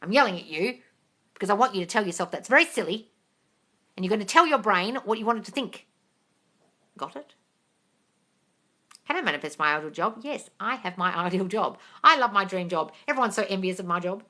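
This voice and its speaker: A bright-toned young woman chats through a live Q&A with blunt, profane advice. Her pitch leaps widely and she bursts into loud excitement without warning. She keeps addressing her viewers as darling. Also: brisk, pauses often. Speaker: livestream host answering viewer questions. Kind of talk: casual live Q&A chat.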